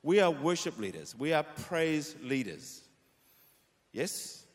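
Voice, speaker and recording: A man preaches in a lively, animated way, voicing scripture lines with feeling. His voice sits fairly high for a man. The sound rings with the long reverb of a large hall. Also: takes it slowly. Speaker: pastor. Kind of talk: sermon to worship leaders.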